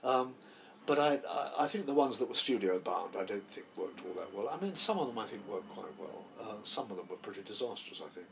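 Old guy in his 80s, gravelly voice, rambly actor telling theatre stories. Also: on the low side, expressive, brisk, hardly any pauses, a bit bright, a little hiss or hum. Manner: rambling storyteller, many restarts. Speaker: actor, guest. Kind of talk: anecdotal interview chat.

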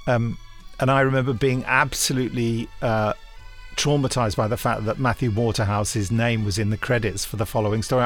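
A man's voice: mid-range voice, steady tone, fairly quick, faint music behind. A man hosting a podcast, chatting in a rambling, fond way with many fillers. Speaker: podcast host. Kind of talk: casual chat.

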